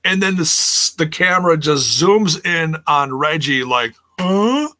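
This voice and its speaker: A man's voice: on the high side, a little slow, sharp tone. A man casually recapping a wrestling show on a live stream, chatting with viewers and sounding exasperated. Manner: chatty, exasperated, reads chat aloud.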